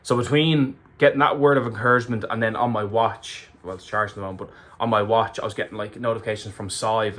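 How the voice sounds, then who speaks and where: A man's voice: lowish voice, fairly bright tone. An Irish man recapping a race to camera in a candid, emotional way, swearing freely. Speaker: ultramarathon runner vlogger.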